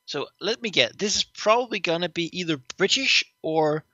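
A man's voice: high-pitched, animated, moderate pace, pushed and bright, no room sound, dull audio. A man chatting playfully while playing a dating game with a friend. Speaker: let's player. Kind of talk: casual let's play commentary.

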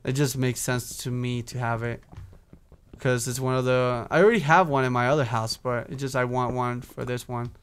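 Steady in tone and medium in pitch, a young gaming YouTuber talks at a moderate pace in a clear, resonant voice. He's casually commenting on his own Minecraft game, talking to himself and swearing and humming as he goes.

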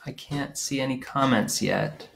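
A man's voice: medium pitch, measured pace, creaky, fairly bright tone, a little hiss or hum. A man performing as a children's music entertainer, leading preschoolers through a live sing-along with short spoken prompts between songs. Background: his own guitar playing.

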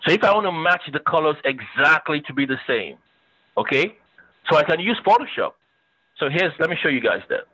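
A man's voice: on the high side, sing-song, fairly quick, pushed and bright, husky, low-quality recording. A man teaching a web design class, chatting and thinking aloud as he demonstrates on screen, with the odd joke for his students. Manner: joking with students. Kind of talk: casual screen-share lecture.

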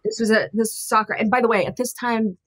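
A woman's voice: fairly high pitch, fairly even intonation, a bit bright. A middle-aged woman, a podcast guest, talking candidly and thoughtfully with frequent restarts. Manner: earnest, thoughtful, halting with restarts.

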